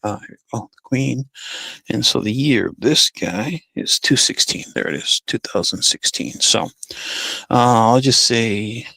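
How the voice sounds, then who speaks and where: Gravelly laid-back streamer man. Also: medium pitch, bright, forceful tone, dry recording. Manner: laid-back, chatty, talks to chat as y'all and buddy. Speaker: live stream host. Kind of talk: casual live stream chat.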